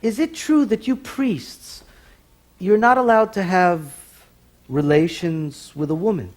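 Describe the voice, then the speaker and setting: A man's voice: high voice, lively intonation, measured pace. A man voicing a sly, confiding rabbi in a stage joke. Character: older male rabbi, sly and candid.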